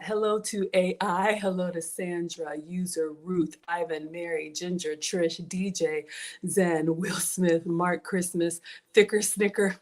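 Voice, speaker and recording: A middle-aged woman hosting a casual home cooking livestream, playful and chatty as she greets viewers by name. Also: lowish voice. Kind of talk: casual live cooking stream chat. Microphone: streaming from home setup.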